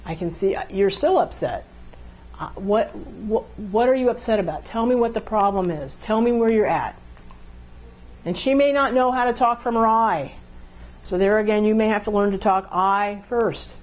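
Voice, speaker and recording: A woman with a medium-pitched, slightly mellow voice speaks at a moderate pace. She's an instructor lecturing a class on communication, repeating key phrases and checking in with her listeners. To illustrate her points, she acts out dialogue between couples.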